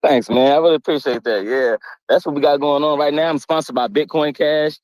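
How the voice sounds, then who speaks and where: A man joining a live chat as a guest, relaxed and friendly, talking in upbeat slang. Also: fairly high pitch, a little fast, no room sound. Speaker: guest tattoo artist. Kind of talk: casual chat.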